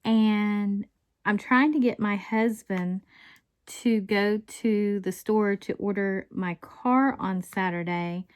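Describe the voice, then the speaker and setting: Slow-talking woman chatting while crafting. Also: mid-range voice, smooth. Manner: rambling storyteller, chuckles often. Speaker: diamond painting vlogger. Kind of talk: casual chat while crafting.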